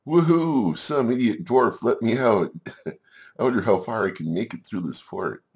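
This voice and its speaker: A man voicing a mischievous young female giant cave spider in a high, giddy voice. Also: animated, unhurried, a little mellow. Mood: gleeful.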